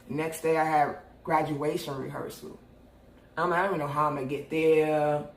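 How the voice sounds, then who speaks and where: Animated, cussing young New woman. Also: sits low, brisk, a little hiss or hum. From New York. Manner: animated, profane, laughs often. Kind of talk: casual storytelling. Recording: roomy echo.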